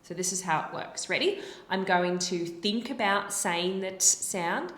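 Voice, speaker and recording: A woman's voice: mid-range voice, expressive, fairly bright tone. Woman speech therapist in a roomy space. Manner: demonstrates sounds slowly, encouraging. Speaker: speech-language pathologist. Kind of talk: instructional explanation. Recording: roomy echo.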